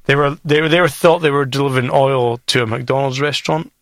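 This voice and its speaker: A man's voice: medium pitch, fast, no room sound. A man from Scotland hosting a radio show, telling stories with lots of laughter in casual banter. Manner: animated storyteller, laughs often, excitable.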